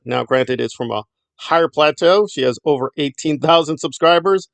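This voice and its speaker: A man's voice: mid-range voice, creaky, no echo. A middle-aged man giving blunt, sarcastic commentary in a rambling vlog. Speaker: YouTube commentator.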